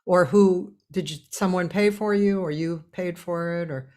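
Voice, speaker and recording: Middle-aged woman, lowish voice, host, rambling, enthusiastic, casual chat. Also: normal speed, a little mellow.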